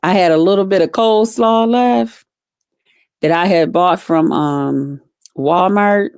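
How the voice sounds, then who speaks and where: A woman's voice: lowish voice, unhurried, darkish tone, clean tone, dry recording. Brief: woman vlogger, foul-mouthed casual storyteller, dry close mic, no room sound. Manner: blunt, salty, talks straight to viewers. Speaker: vlogger chatting with live viewers. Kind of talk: casual profane storytelling to camera.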